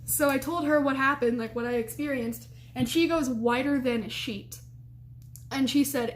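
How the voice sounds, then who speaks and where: A woman's voice: on the high side, normal speed. A young woman, a college student, telling a personal story casually, acting out what people said with laughs. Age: young adult. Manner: animated, quotes people in raised voices, laughs often.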